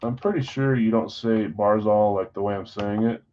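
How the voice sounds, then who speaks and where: A man's voice: fairly low pitch, normal speed, warm tone, lo-fi sound. Chatty man hosting a live stream. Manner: casual, scattered, self-deprecating, reads off buyers' names. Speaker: card break host. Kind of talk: live-stream chat running trades.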